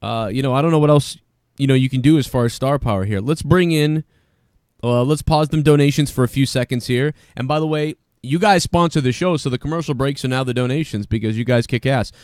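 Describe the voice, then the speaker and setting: A man hosting a live wrestling review stream, talking casually, excitably and with lots of swearing. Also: mid-range voice, a little fast, no room sound, studio quality. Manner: profane, excitable, rambling. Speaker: wrestling podcast host.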